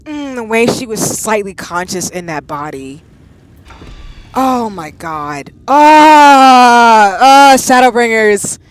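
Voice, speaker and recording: Animated woman streamer in her thirties. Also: lowish voice, takes it slowly, slight background noise. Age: 30s. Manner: loud exclaiming reactions, chatting with viewers. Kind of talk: live game stream chat.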